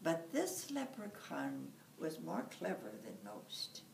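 A woman's voice: low-pitched, huge pitch swings, slow pace, creaky, darkish tone, far from the mic, slight background noise. A woman library storyteller reading a folktale aloud with expression, recorded from afar in an echoey room.

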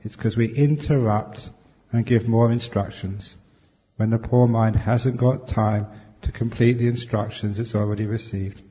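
Here the speaker is a man whose lowish, mellow voice holds a steady tone and a measured pace. As a meditation teacher giving a lighthearted dharma talk, he answers questions with jokes and chuckles in a playful storytelling manner, and the large hall adds long reverb.

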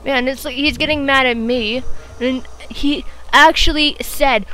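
A woman's voice: high voice, fairly even intonation, unhurried, pushed and bright, slight background noise, low-quality recording. A woman chatting casually over gameplay, telling a rambling, exasperated story full of fillers. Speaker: let's play gamer.

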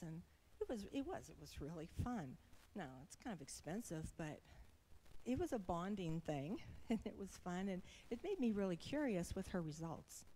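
A middle-aged woman with a lowish voice tells a personal story during a church sermon, her delivery animated and full of laughter. The sound suggests a large room.

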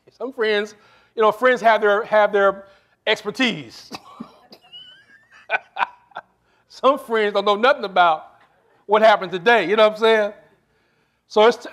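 A male pastor preaching a sermon to his congregation, stressing lines slowly and then rushing through asides, and often asking the room for a response. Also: high voice, a bit bright. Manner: shifts between slow stressed phrases and quick asides.

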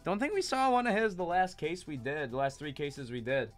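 A man's voice: on the high side, expressive, a little fast, soft background music. A young man hosting a live card break, chatty and self-deprecating with jokey asides.

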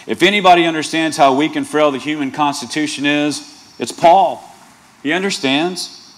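A man preaching a sermon in a voice that sits a little high for a man. He is earnest but playful, throwing out rhetorical questions and light asides as he explains his point. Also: normal speed. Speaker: pastor.

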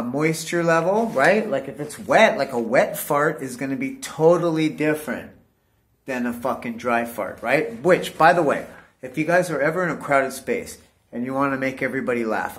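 A man talking casually to his viewers in a rambling monologue, swearing often and calling everyone "dude". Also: mid-range voice. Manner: rambling, profane, keeps saying "dude". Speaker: vlogger.

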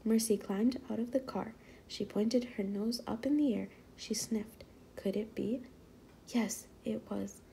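A woman reads a children's book aloud in a soft, half-whispered way. Her voice is mellow with a gravelly edge, and faint background noise sits under the recording. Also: medium pitch, measured pace. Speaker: read-aloud narrator.

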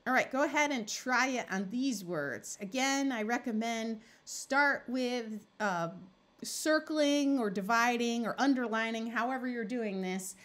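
A woman tutor teaching a phonics lesson, explaining slowly and sounding out words syllable by syllable. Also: a little high, a bit bright. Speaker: reading tutor.

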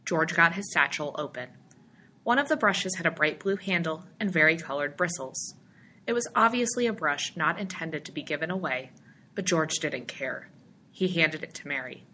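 A woman narrating a story aloud in a steady, expressive audiobook reading. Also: deep voice, normal speed, slight background noise.

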